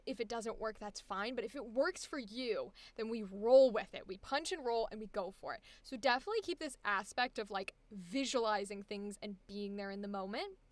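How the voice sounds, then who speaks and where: A young woman leading a live voice acting coaching session, chatty and encouraging and quick to laugh. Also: a little high, fairly bright tone, no room sound.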